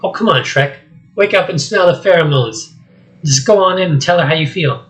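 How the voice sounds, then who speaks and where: A man voicing a loud, jittery talking male donkey while reading a script aloud, with high excitable chatter. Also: normal speed, lightly acted, low-quality recording. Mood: teasing. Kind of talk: solo script reading with voices.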